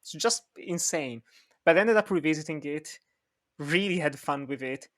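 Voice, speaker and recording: A man's voice: a little high, animated, normal speed, a bit bright. A man hosting a podcast about books and films, talking casually and laughing often. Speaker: podcast host. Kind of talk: casual chat.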